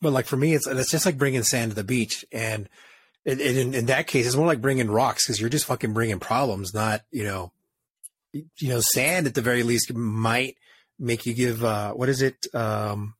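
A man in a casual chat with a slightly husky voice, recorded dry and close. He talks haltingly, stalling on "uh" and "um" as he works toward his point. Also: medium pitch, no room sound. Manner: halting, searches for words with many "uh"s.

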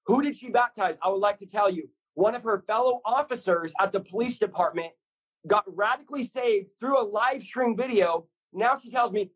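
A man's voice: sits high, fairly quick, slightly rough, rough recording. A man in his thirties, a pastor telling his story as a guest, passionate and rambling in a preacherly way. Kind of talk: fast energetic testimony sharing.

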